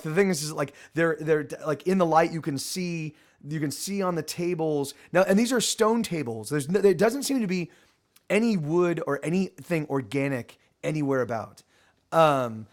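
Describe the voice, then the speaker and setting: A man narrating a tabletop game as game master, rambling with many restarts. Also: fairly high pitch.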